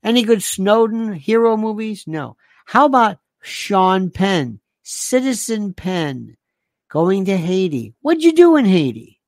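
A man's voice: high voice, big pitch swings, no room sound. Sarcastic rambling man, dry sound. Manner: sarcastic, rapid-fire rhetorical questions, repeats himself. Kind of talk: rambling monologue.

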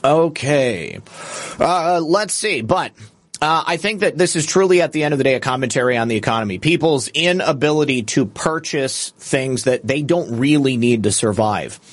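A man's voice: mid-range voice, expressive, moderate pace, no room sound. A man hosting a live stream, chatting casually, rambling, and answering viewers' comments. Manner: rambling, conversational, reads chat comments aloud. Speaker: show host.

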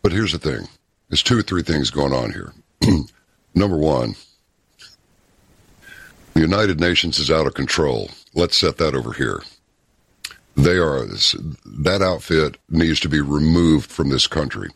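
A man talking as a guest in an interview, telling stories in an emphatic, deliberate way. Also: rumbling low, animated, vocal fry, a bit bright, husky, no echo, studio quality. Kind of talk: casual interview talk.

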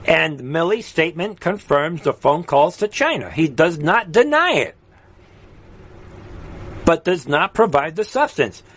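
A man hosting a live political stream, ranting and taunting, with sudden loud jumps up in pitch. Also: sing-song, measured pace, slightly rough. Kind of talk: heated political commentary.

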